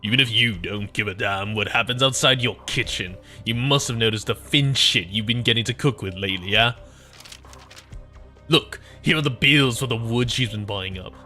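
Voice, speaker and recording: A man's voice: mid-range voice, moderate pace, pushed and bright, soft background music, close to an everyday voice. A man voicing a worried, grumbling male cook who pleads with a friend.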